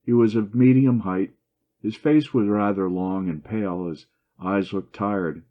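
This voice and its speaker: A man reading a classic short story aloud in steady, even narration. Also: on the low side, a little slow. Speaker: story reader. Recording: dull lo-fi recording.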